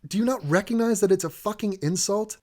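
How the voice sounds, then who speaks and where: A man's voice: high-pitched, brisk, darkish tone. A man giving a profane, sarcastic comedic rant while reacting to an advert, sounding exasperated and swearing freely.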